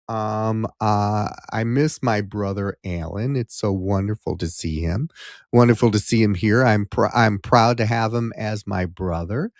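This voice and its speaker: Slow, rambling man hosting a live stream. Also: mid-range voice, no room sound, studio quality. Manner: rambling, many ums and restarts, chatty. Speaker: talk show host and hypnotist. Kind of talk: casual live-stream chat with a guided memory exercise.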